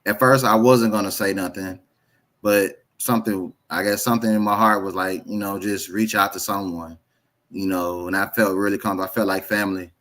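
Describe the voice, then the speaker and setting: A man who is a guest on a casual livestream speaks haltingly, often repeating words as he searches for the next thing to say. His voice sits on the low side. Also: steady tone, a bit bright. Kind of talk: casual conversation.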